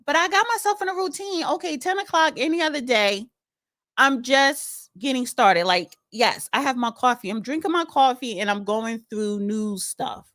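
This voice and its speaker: A woman's voice: high-pitched, moderate pace, fairly bright tone, no echo. A woman hosting a casual solo commentary. She chats and reads news articles aloud, adding opinionated asides. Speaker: political commentary host.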